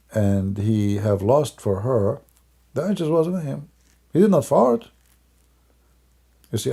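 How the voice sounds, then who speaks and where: A man's voice: medium pitch, gravelly, dark tone, slightly rough. A man doing live-stream commentary in a mocking, sarcastic way, with non-native English grammar. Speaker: online religious commentator.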